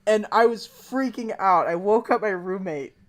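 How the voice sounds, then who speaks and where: This young man, co-hosting a casual fan discussion podcast, rambles with plenty of fillers and bursts of excitement. His voice sits high and his pace is moderate.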